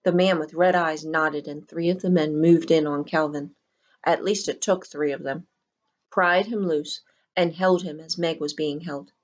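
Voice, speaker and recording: A woman reads a novel aloud, one chapter at a time. Her narration is measured and expressive. Her voice sits somewhat low. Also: muffled recording. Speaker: teacher reading aloud.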